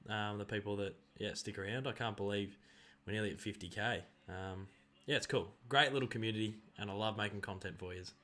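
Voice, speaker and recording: An Australian man streaming casual live play-by-play, excitably rattling off player names and breaking into loud calls. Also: on the low side, a little fast. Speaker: streamer commenting on a live game.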